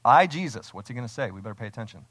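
A man's voice: lowish voice, fairly even intonation, very fast, dry recording. A man preaching an expository sermon as a pastor, speaking with emphasis and asking his congregation rhetorical questions. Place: church, streamed online.

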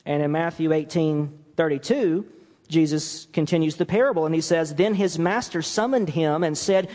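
A man preaching a sermon as pastor, lively and animated, acting out quoted apologies as he teaches. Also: on the high side, normal speed, in a large hall. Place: church sanctuary.

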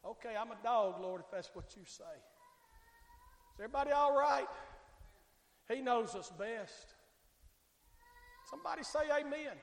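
High-pitched shouting preacher. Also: male voice, normal speed, creaky, pauses often. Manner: swings between shouting and hushed, calls out to congregation. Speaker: pastor. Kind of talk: fiery revival sermon. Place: church sanctuary. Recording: echoey church hall with long reverb.

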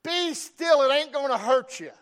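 A gruff old country grandpa barking orders, as a preacher puts him on. The voice stays fairly high and firm, the tone of a man who expects to be obeyed. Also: big pitch swings, moderate pace. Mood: yelling. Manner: yelling orders.

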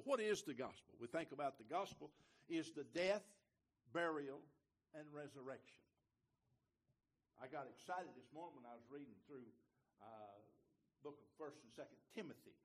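A man preaching a sermon in a church sanctuary, his voice sitting fairly high. He is folksy and joking, dropping to quiet asides, then rising into loud, stretched-out emphasis on key lines. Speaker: guest preacher.

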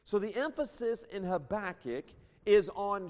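A man preaching with fervent emphasis, his voice slightly higher than most men's and swinging widely as he reads scripture aloud. The sound carries a long reverb, as in a church hall. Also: expressive, unhurried. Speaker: pastor. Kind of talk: sermon.

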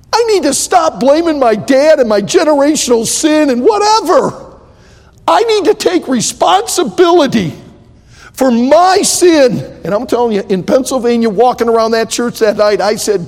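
An older man preaching a sermon, emphatic and repetitive, building to loud outbursts. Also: very high voice, very animated, normal speed. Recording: echoey hall.

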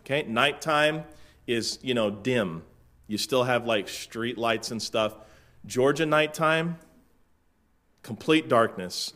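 A middle-aged man from Florida, a pastor telling a relaxed story from the pulpit with dry humor and lots of fillers. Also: mid-range voice, slow. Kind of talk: casual sermon-opening story.

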